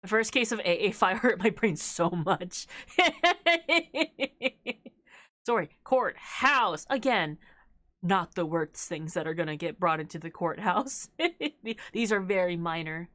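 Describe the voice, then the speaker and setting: A woman's voice: fairly low pitch, a little slow, fairly bright tone, no echo. A young woman streaming a game, chatting casually with viewers, laughing often between filler-heavy remarks. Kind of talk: casual live-stream chat while gaming.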